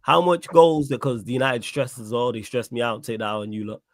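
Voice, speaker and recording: A man's voice: mid-range voice, fairly even intonation, fairly quick, no room sound. A man co-hosting a football podcast who talks in teasing, slangy banter. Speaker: podcast co-host. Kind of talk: casual football chat.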